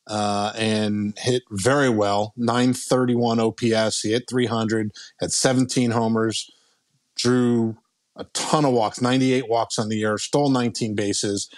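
Dude on a baseball podcast, easygoing, dry mic, kinda rambly. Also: male voice, mid-range voice, dry recording. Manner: loose, fillers and restarts, joking. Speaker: baseball prospect analyst, podcast regular. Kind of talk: casual podcast chat.

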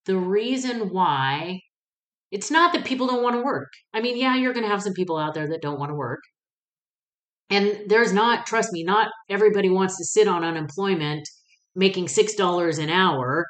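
A woman's voice: medium pitch, expressive, moderate pace. A woman hosting her own podcast, talking candidly in a casual monologue, swearing freely and telling stories with energy. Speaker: podcast host. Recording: echoey room.

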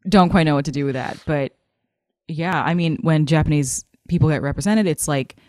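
A woman in a casual discussion, chatty and relaxed, with lots of fillers. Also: low-pitched, brisk, dry recording, clean studio sound.

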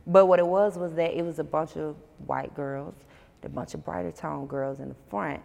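Woman, low raspy register, frank and profane, interview guest, reverberant space. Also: normal speed. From Georgia, USA. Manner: blunt, profane, animated storytelling. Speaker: musician guest. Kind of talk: casual interview chat. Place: on a porch outdoors.

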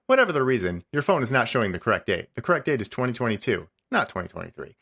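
A man reading the lines of a stubborn, passive-aggressive male AI chatbot in a comedy podcast, insisting he is right and tacking on a deadpan "smiley face". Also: medium pitch, rapid-fire, vocal fry, breathy edge, full character voice. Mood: insistent. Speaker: podcast host. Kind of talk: comedic dramatic reading of a chat log.

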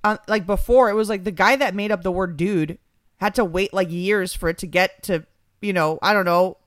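A young woman co-hosting a podcast in casual chat. She talks in an animated, chatty way and fills her speech with many fillers. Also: medium pitch, normal speed, no echo, clean studio sound.

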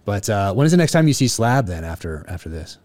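A man's voice: fairly low pitch, big pitch swings, fast, darkish tone, dry recording, studio quality. A middle-aged American man hosting a podcast, asking probing questions and giving short affirmations. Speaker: podcast host, veteran and author. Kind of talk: casual interview.

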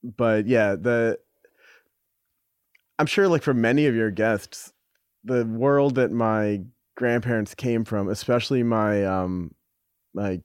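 A man's voice: on the low side, clean tone, no echo, studio quality. Reflective man telling a personal story. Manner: reflective, halting, with frequent restarts and casual swearing. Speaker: podcast guest. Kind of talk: candid conversational storytelling.

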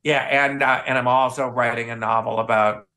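A Midwestern photographer and author, his voice medium-pitched at normal speed, tells stories casually as an interview guest. He's an animated anecdote teller who acts out the voices of the people he quotes.

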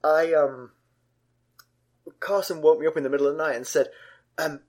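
A middle-aged man co-hosting a podcast, telling a funny story with lots of laughter and sudden high yelps. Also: steady tone, moderate pace, long pauses. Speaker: podcast co-host. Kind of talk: casual chat and animated storytelling.

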